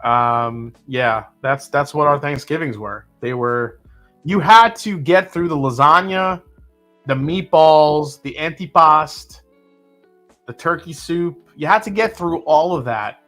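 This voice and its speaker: Hosting a live whiskey tasting, a man speaks slowly in a slightly high voice while soft music plays in the background. He stays relaxed and chatty, reading viewer comments aloud between fillers and sips.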